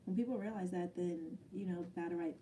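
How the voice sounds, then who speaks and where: A woman's voice: lowish voice, fairly even intonation, a little fast, dark tone, recorded from a distance, a little hiss or hum. A woman battle rapper answering viewer questions in a casual live chat, blunt and swearing freely, often laughing.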